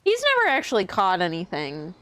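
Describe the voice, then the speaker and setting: A woman's voice: lowish voice, huge pitch swings, a little fast, a bit bright, no echo. A woman in casual chat on a game stream, telling stories and reading chat messages aloud. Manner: chatty storyteller, reads chat aloud. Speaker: stream co-host.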